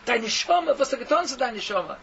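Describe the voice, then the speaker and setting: A man's voice: extremely high pitch, quick pace, creaky, pitched above the performer's own voice, heavily acted. A man voicing a stern elderly rebbe who rebukes in a roaring voice. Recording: dull recording with steady noise.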